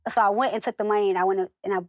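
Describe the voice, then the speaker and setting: A woman's voice: medium pitch, fairly even intonation, rapid-fire, no echo, studio quality. A woman from the northern United States, a guest in a casual interview, chatting and acting out the voices of the people in her stories. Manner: chatty storyteller who acts out quoted voices.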